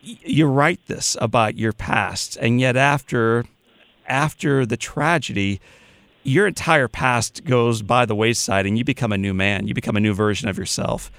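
A man's voice: medium pitch, normal speed, gravelly, fairly bright tone, no echo. A man with a Midwestern accent hosting a podcast interview, earnest and often restarting his sentences. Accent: Midwestern American. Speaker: podcast host.

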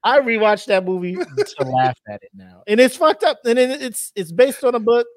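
A man co-hosting a podcast in casual chat, animated storytelling that breaks into loud acted-out voices. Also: extremely high pitch, normal speed, no echo. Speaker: podcast co-host.

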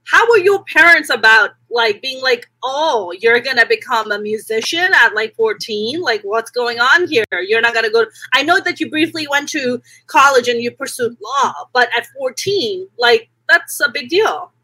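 High bright husky woman host. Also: expressive, moderate pace, hardly any pauses, dry recording, low-quality recording. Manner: playful, slangy, chatty. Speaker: interview host. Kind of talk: casual interview chat.

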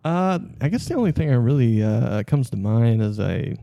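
Podcast co-host, male, gravelly dark tone, dry close mic, easygoing banter. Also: medium pitch, very animated, moderate pace, dry recording, dull audio. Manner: laid-back, joking, acts out quotes. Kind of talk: casual recap chat.

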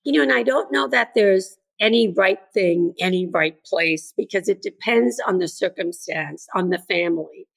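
A woman's voice: medium pitch, normal speed, vocal fry, hardly any pauses. An older woman, a grandmother and educator, speaking earnestly as an interview guest and acting out what kids and parents say. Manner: earnest, acts out quoted voices. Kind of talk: conversational interview.

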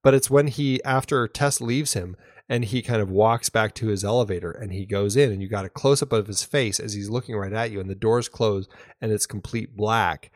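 A man's voice: fairly low pitch, normal speed, no room sound. Enthusiastic man, dry close sound. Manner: enthusiastic, rambling with restarts. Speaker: podcast co-host. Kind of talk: casual film discussion.

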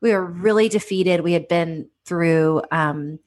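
A woman in her thirties, an author guest, telling an emotional personal story and acting out the voices in it. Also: a little slow. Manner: animated, acts out quotes with rising pitch.

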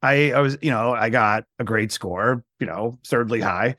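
A man in his forties from New York, a guest entrepreneur telling his life story in an interview, animated and acting out dialogue. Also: mid-range voice, moderate pace, no room sound, clean studio sound. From New York, USA. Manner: animated, acts out quoted dialogue.

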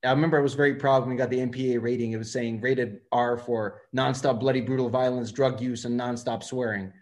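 A man talks quickly through his stories in a casual interview. He acts out the people he quotes as he goes. His pitch sits in the middle range for a man. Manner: fast, animated, acts out quoted dialogue. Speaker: film director, guest.

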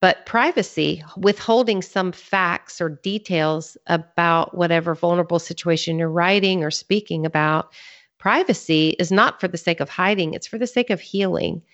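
A woman with a fairly low voice talks earnestly as a podcast guest, working through her points in order. The recording is a little dull and lo-fi, and her delivery stays conversational and teacherly. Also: normal speed, a bit bright. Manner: earnest, teaching, lays out points in a clear sequence. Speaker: podcast guest, author and ministry leader. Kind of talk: conversational interview talk. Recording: slightly dull lo-fi sound.

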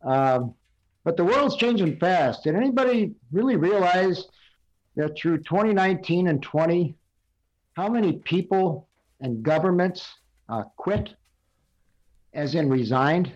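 A man's voice: high voice, lively intonation, a little slow, pauses often, dull audio. An older man telling rambling stories and quiz questions on a casual podcast over a video call, full of fillers. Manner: rambling storyteller with many fillers. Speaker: recurring guest segment host.

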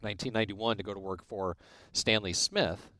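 A man's voice: fairly low pitch, brisk, no room sound. A man from Illinois telling stories from his career in a casual chat, acting out the voices of people he quotes. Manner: animated storyteller, acts out quoted dialogue. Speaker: guest. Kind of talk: casual storytelling.

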